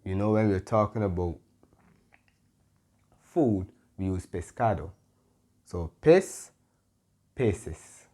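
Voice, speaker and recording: Slow, calm male Spanish tutor. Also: sits low. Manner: patient, stops to self-correct, frequent "mm-hmm" fillers. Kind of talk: grammar lesson.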